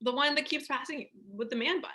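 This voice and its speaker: Bright-voiced woman hosting a live chat. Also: high-pitched. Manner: teasing, quick reactions. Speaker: host. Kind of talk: casual live-stream chat.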